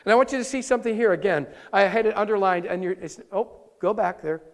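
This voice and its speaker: A male pastor preaching a sermon live, earnest and animated, often restarting his words. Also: sits high, quick pace, long reverb tail. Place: church sanctuary, live-streamed service.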